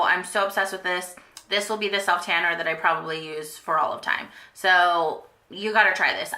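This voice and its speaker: Young woman beauty vlogger, bright and gushing, chatty with lots of fillers, echoey home room. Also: on the low side. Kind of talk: casual monthly favorites chat.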